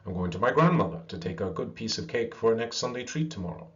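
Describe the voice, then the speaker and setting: Trusting little girl, polite and cheerful, as a man reads her, low voice, slightly muffled storybook audio. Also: animated, quick pace, fairly bright tone. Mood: chatty.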